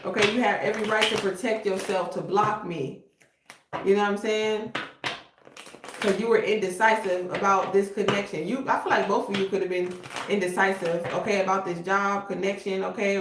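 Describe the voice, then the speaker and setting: A woman's voice: medium pitch, fairly even intonation, moderate pace. Blunt slangy woman reading tarot. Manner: blunt, slangy, street-talking, repeats "okay?". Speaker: tarot reader. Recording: echoey room with noise.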